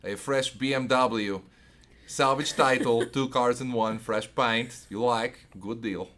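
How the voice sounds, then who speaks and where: A man's voice: mid-range voice, fairly even intonation, slow pace, a bit bright. A man voicing a pushy used-car seller with a put-on Russian accent, in clipped sales patter. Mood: salesy.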